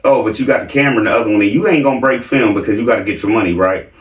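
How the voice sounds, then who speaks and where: A man's voice: fairly low pitch, very fast, roomy sound, distant mic. A man doing reaction commentary, mocking and theatrical, with a repeated catchphrase.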